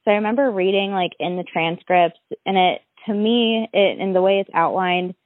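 A woman's voice: mid-range voice, normal speed, no room sound, phone-quality sound. A young adult woman recounting her own story as a guest, rambling and stacking up "like" fillers. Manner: rambling, many "like" fillers, restarts. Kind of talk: personal account in an interview.

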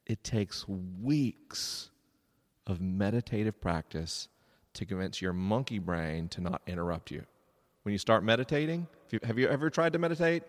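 A man giving a live talk to an audience, animated and joking as he addresses the crowd. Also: fairly low pitch, moderate pace. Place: large stone church, live event. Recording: live hall with long reverb.

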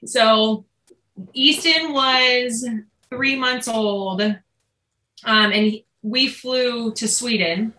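A woman's voice: a little high, drawn-out words, roomy sound, a little hiss or hum, low-quality recording. A woman telling a family story in a casual chat, acting out what people said. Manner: animated, quotes herself and others.

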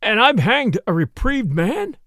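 A man's voice: high voice, sing-song, moderate pace, gravelly, dry recording, studio quality, full character voice. A man voicing a shaken middle-aged male sheriff who stammers and falters.

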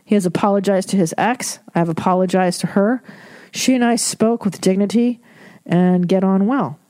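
A woman's voice: medium pitch, moderate pace, warm tone, no room sound. Blunt, profane woman comedian giving advice. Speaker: podcast host. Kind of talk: advice podcast, reading listener emails.

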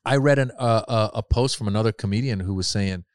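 A middle-aged man, a comedian, chatting as an interview guest and telling lively stories, jumping into higher voices to act out what people said. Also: fast, dry recording, studio quality. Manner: animated storyteller, acts out quotes in raised voices. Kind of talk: casual interview chat.

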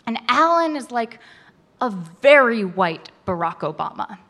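A woman telling a frank personal story to a live audience, animated and laughing often. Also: on the high side, a little slow.

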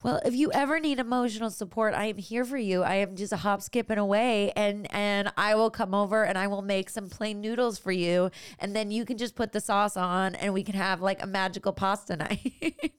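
A woman's voice: medium pitch, steady tone, moderate pace, few pauses, clear, resonant tone, no room sound, clean studio sound. A woman hosting a podcast interview, talking effusively and emotionally with many fillers. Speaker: podcast host. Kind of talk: casual interview chat.

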